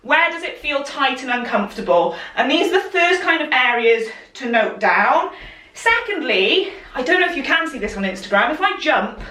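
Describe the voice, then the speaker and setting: Her voice sits high, bright and forceful, with lively intonation at a normal speed. Teaching sewing patterns on a livestream, she chats warmly, encourages viewers, laughs a lot, and gets slightly out of breath moving about the room on camera. The recording is echoey, with the mic somewhat distant.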